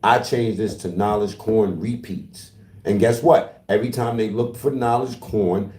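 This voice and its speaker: A man's voice: fairly low pitch, warm tone, roomy sound. A man livestreaming in casual talk to his chat, taunting and profane as he trash-talks.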